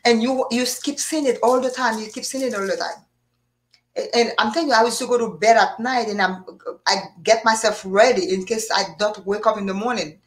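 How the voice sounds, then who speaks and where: A woman hosting a live show, chatting casually and telling lively anecdotes. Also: a little high, brisk. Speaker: host. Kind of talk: casual chat.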